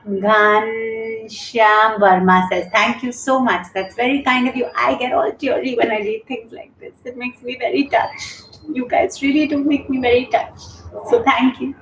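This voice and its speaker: A woman's voice: a little high, slight background noise. A middle-aged woman hosting a live stream, chatting candidly and thanking viewers as she reads their comments aloud. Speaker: show host and yoga instructor. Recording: echoey room.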